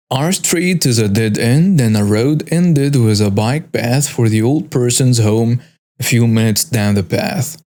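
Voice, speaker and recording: A man's voice: mid-range voice, darkish tone. Man narrating a story.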